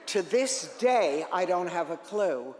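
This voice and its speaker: A woman's voice: fairly low pitch, slow. Older woman telling funny stories in an echoey hall. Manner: lively, joking, animated storytelling. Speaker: radio host telling career stories. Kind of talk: storytelling talk to an audience. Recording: echoey hall with long reverb.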